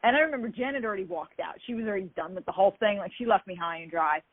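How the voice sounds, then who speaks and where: A woman guest talks through her past in a lively, anecdotal way. Her voice sits at a middling pitch. The sound is tinny and narrow, like a phone line, and completely dry. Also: rapid-fire, no room sound. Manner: lively anecdotal, acts out quoted dialogue. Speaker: interview guest, martial artist. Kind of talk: casual storytelling interview.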